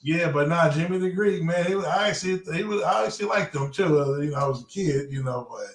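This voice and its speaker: A man in his forties tells loose, joking stories on a casual sports panel. His voice sits fairly high. It echoes around the room he records in. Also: fast talker. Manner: loose storytelling, joking asides. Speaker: podcast co-host.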